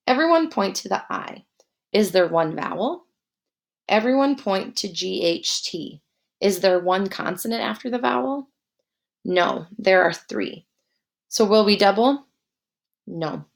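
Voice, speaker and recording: Slowly dictating words and then spelling them letter by letter, a woman leads a spelling lesson. Her voice falls in the middle range and carries vocal fry.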